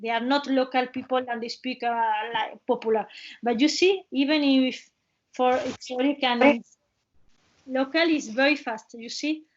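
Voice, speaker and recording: Woman host with an Andalusian accent, high voice, presenting over a dull, muffled video-call line in halting, restarting English. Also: steady tone. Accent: Andalusian Spanish. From Cádiz province, Spain. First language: Spanish. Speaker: webinar host and travel guide.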